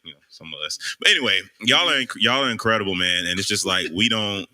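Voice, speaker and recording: A man's voice: lowish voice, quick pace, no room sound, low-quality recording. A young man co-hosting a basketball league show, speaking casually and directly to viewers. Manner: relaxed, talks to viewers with "y'all", breaks into laughter. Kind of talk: casual live-stream chat.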